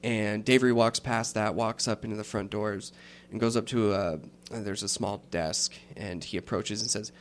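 A man narrating a tabletop game as game master, unhurried and rambling, with many fillers. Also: lowish voice, steady tone.

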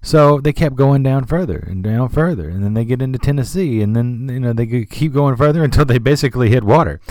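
A man's voice: mid-range voice, fairly quick, a little mellow, no echo, studio quality. A man hosting a music podcast, talking in a chatty, rambling way with lots of fillers and asides. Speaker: podcast host. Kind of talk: casual radio-style music commentary.

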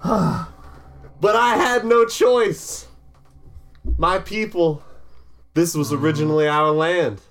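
A bitter, defiant wrestler unloads a confession speech, slow and deliberate in a tabletop game, as a game master puts him on. The voice sits fairly high and the delivery is drawn out. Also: male voice, steady tone, fairly bright tone, slight background noise. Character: vengeful male wrestler confessing a murder.

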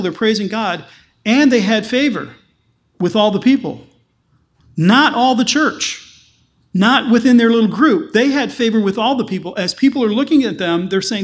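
A man, a pastor, preaching a sermon with emphatic, repeated phrases. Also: high voice.

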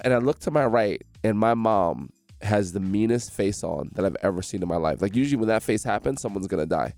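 A man from New Jersey, a guest in a radio studio, telling his story with animated energy and acting out the voices of the people in it. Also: fairly low pitch, fairly quick, hardly any pauses, no echo, faint music behind. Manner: animated, acts out quoted voices.

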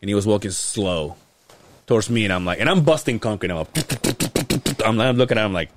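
Against a noisy background, a podcast host with a fairly low voice speaks animatedly at normal speed. He swears, laughs often, and tells crude stories casually, imitating the people in them.

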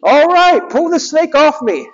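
A preacher voicing a cocky young male cartoon hedgehog hero in a high, cartoonish voice. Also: big pitch swings, a little slow, long reverb tail, dull audio, a little hiss or hum, heavily acted.

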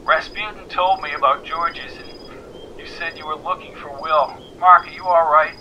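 A man lightly voices a worried woman of the crew, speaking quietly and a little shakily over a device. His tone lifts only slightly and stays hushed, with a faint noise floor behind. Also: high-pitched, fairly quick, dull audio, pitched above the performer's own voice. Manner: soft, quiet and slightly shaky. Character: worried female crew member on a radio device. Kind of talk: audiobook character reading.

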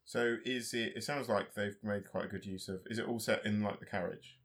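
A man reviewing films on a casual podcast, measured and opinionated with frequent hesitations. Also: on the low side, steady tone, fairly bright tone. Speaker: podcast co-host. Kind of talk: casual film review chat.

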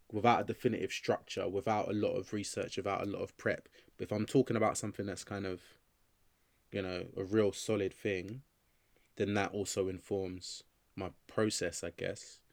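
A man's voice: lowish voice, no echo, clean studio sound. A young adult man from England, a writer and actor talking casually in an interview, loose and rambling with many fillers and restarts.

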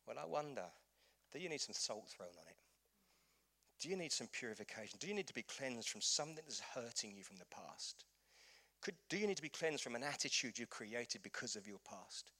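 A man's voice: mid-range voice, bright, forceful tone. A man preaching a sermon as pastor in a church, urging his listeners with rhetorical questions and passionate appeals.

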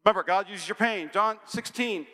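High bright-voiced man preaching in a hall. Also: moderate pace. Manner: energetic, humorous preaching that rises to shouts. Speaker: pastor. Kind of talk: sermon. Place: church. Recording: long hall reverb.

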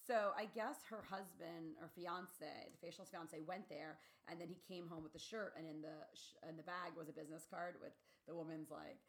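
A woman in her forties, co-hosting a podcast, chatting casually and telling animated stories with frequent laughter. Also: lowish voice, normal speed, few pauses. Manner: giggly, animated storytelling. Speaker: podcast co-host. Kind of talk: casual chat.

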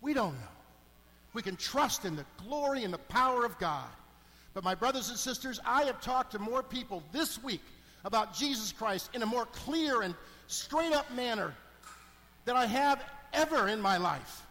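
A middle-aged man delivers a sermon as a deacon, his voice pitched high and ringing out. He drops to hushed asides, then builds to emphatic calls. The church around him adds a long, lingering reverb. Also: normal speed. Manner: animated, swings between hushed and emphatic.

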